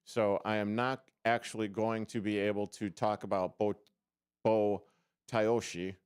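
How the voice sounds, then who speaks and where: A man's voice: on the low side, flat delivery, a little slow, smooth, no room sound. A man hosting a casual sports radio show from a studio, rambling and joking at his own expense with lots of fillers. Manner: rambling, self-deprecating, many fillers and restarts. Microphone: studio microphone.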